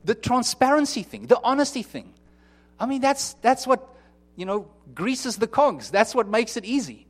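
A man's voice: extremely high pitch, expressive, normal speed. A man preaching a sermon in an earnest, conversational way, often restarting and acting out what people might say. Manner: earnest, conversational, with many restarts and acted-out quotes. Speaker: pastor.

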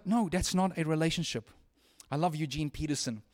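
In this sermon the man speaks earnestly and conversationally, frequently starting phrases over and shifting from hushed to loud delivery. His pitch is fairly high and his pace fairly quick.

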